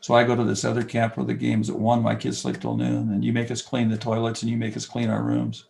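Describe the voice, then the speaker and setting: An older man, a basketball coach and camp founder, talking as an interview guest, telling stories and acting out quoted dialogue, from loud to whispering. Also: medium pitch, fast talker, gravelly, slight background noise, poor audio. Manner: animated storyteller, acts out quoted dialogue, swings from loud to whispering. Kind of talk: conversational interview, storytelling.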